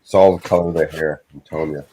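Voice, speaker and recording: A man's voice: a bass voice, steady tone, racing, dark tone, a little hiss or hum. A man joining a livestream chat, throwing in teasing joking remarks. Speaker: guest in a stream chat. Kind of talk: casual livestream banter.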